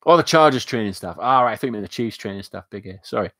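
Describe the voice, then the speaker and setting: A northern English man whose accent blends northwest and northeast hosts a casual live stream, reading chat and rambling to viewers with plenty of fillers. His voice is fairly low and bright, and he talks fast. The sound is clean studio audio with no room sound.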